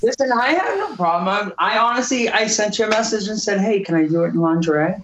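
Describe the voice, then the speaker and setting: A woman's voice: medium pitch, animated, fast, slight background noise. A woman from Boston with a Boston accent, a guest talking brashly and bawdily over a video call. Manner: brash, bawdy, chatty. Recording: roomy distant video call audio.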